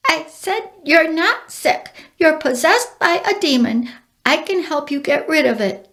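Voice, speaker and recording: A woman's voice: sits high, animated, measured pace, a bit bright, pitched above the performer's own voice, full character voice. A woman voicing a female bird, an angel in disguise, with squawky parrot-like talk. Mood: earnest.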